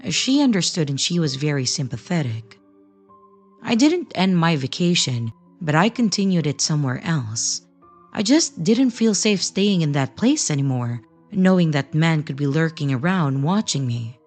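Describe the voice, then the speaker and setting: Female narrator for creepy story readings: deep register, lively intonation, scripted delivery. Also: slightly rough.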